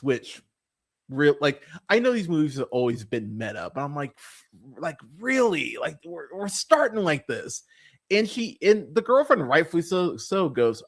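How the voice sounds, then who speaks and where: A man's voice: fairly high pitch, measured pace. A man hosting a movie review podcast, talking in a casual, profane, exasperated rant. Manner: animated, swearing, exasperated.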